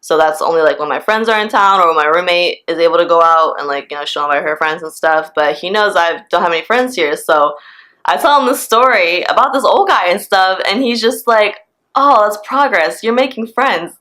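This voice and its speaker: A woman in her twenties telling a storytime vlog, in a casual, profane and animated way. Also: lowish voice, fairly quick. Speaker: vlogger.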